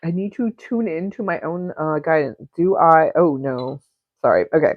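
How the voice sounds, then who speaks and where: A woman's voice: low-pitched, normal speed, dry recording. A woman hosts a live painting stream from home and chats in a meandering, giggly way, sprinkling in swears and half-finished thoughts. Her voice sits close and dry, with the dull, lo-fi sound of stream audio. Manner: rambling, giggly and profane, with frequent self-interruptions. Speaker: livestream painter and host. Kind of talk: casual live-stream chat while painting. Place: home studio.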